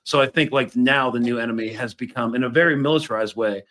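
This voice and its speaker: A man's voice: medium pitch, quick pace, a bit bright. A man hosts a podcast in a casual, conversational way. He reads a news item aloud to his guest, then shares his view of it. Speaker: podcast host.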